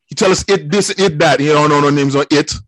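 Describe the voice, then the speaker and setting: A man's voice: fairly high pitch, fast, a crowd in the background, poor audio. A man in his fifties in a casual podcast chat, teasing in a slangy way. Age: 50s.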